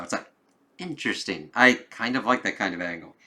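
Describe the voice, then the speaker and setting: Bright-voiced, cursing man reviewing comics. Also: fairly low pitch, brisk. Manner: profane, rambling, with many "like" fillers; reads comic dialogue aloud in lively voices. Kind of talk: casual spoken review.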